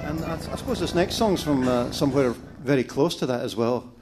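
A man's voice: medium pitch, brisk, over music. A man, a folk singer joking with a live audience and coaxing them to sing along between songs.

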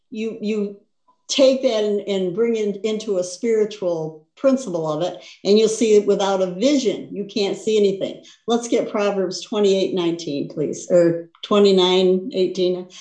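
Woman, Bible teacher, conversational sermon, mid-pitched voice, roomy echo. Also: dark tone. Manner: conversational preaching, frequent "you understand?" and "see?".

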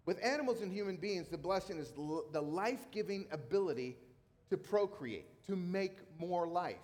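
A man's voice: sits high, expressive, normal speed, a little mellow. A middle-aged man who is a pastor, preaching a sermon in a casual, conversational way with emphatic repetition. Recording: long hall reverb.

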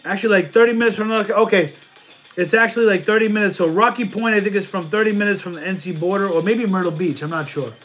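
A man's voice: high-pitched, quick pace, a bit bright, soft background music. A man hosting a casual livestream, reading viewer questions aloud and answering them, with a stuffy nose. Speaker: livestream host and reseller.

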